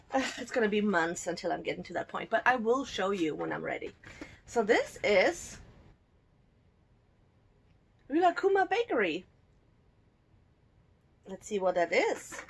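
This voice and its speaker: A woman's voice: medium pitch, very animated, normal speed, vocal fry, pauses often, slight background noise. A woman from Germany chatting casually as she unboxes a subscription box at home, cooing over the cute items and giggling often. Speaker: unboxing vlogger.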